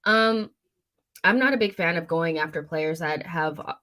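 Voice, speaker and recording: A woman's voice: on the low side, moderate pace, sharp tone. A young woman hosting a casual fan livestream, rambling and chatty with lots of fillers as she reads out viewer comments. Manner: chatty, rambling, many fillers and self-corrections. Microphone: studio mic at a desk.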